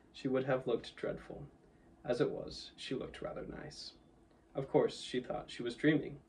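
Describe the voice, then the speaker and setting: A man reading a children's novel aloud in a steady, even storytelling manner, a little away from the mic. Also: mid-range voice, vocal fry, far from the mic, slight background noise, low-quality recording. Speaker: audiobook reader. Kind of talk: storybook narration.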